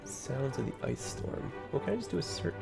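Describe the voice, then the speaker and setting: This Ontario livestream host talks over loud music in an animated, mid-range voice with vocal fry, fairly quickly. His casual game commentary is chatty and rambling, packed with "like."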